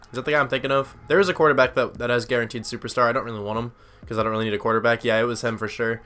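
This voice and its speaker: Fast-talking, bright-voiced young man gaming. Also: mid-range voice, fairly even intonation. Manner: chatty, thinks aloud, lots of "like" and "uh". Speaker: gaming YouTuber. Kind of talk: casual gameplay commentary.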